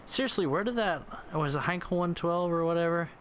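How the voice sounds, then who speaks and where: A man's voice: a little high, fairly quick, a bit bright, slight background noise. A man giving silly, rambling commentary while playing an air combat game, often slipping into mock voices. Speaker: gameplay commentator. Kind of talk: goofy gameplay commentary.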